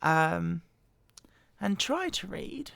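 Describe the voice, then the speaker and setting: Woman, hoarse with a cold, halting and quiet, smooth tone under the strain. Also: big pitch swings, no echo. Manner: quiet, halting, voice wobbling in pitch. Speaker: Bible reader. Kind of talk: slow scripture reading. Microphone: very close to the microphone.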